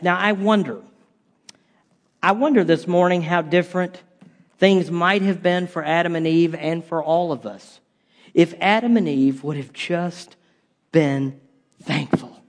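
A man preaching a humorous sermon as pastor, animated and swinging between loud punchlines and quiet dramatic drops. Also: a little high.

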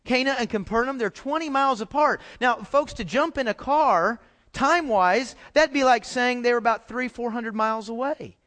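A man's voice: extremely high pitch, moderate pace, a bit bright. A man preaching a sermon as pastor, in a folksy conversational way with frequent restarts, addressing his congregation.

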